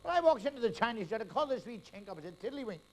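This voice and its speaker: A man's voice: extremely high pitch, sing-song, rough recording. A middle-aged man doing a stand-up comedy routine on a live stage, firing off crude jokes one after another and laughing at his own gags. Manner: rapid-fire joke telling with crude punchlines, laughing at his own gags.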